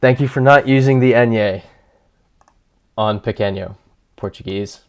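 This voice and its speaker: Here a man with a mid-range, slightly mellow voice talks a little slowly. He reasons aloud as he plays on stream, reading chat and bantering with viewers in a self-deprecating, casual style.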